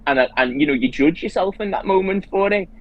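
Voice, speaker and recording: A man's voice: sits high, animated, quick pace, no echo, highs cut off. A man as a guest in a casual conversation, telling a personal story earnestly and quoting his own inner thoughts aloud.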